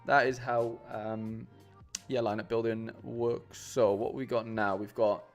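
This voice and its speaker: A man's voice: mid-range voice, flat delivery, a little slow, faint music behind. A man chatting casually on a live stream, rambling with lots of fillers and restarts and calling his viewers "mate". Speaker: streamer building fantasy football lineups.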